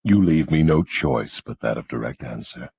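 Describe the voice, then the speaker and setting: Man playing a low-voiced devil, husky, gloating, cunning, dry close sound. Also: animated, moderate pace, darkish tone, no room sound, heavily acted. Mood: lecturing. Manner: mocking, gloating, lecturing. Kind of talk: audiobook dramatization.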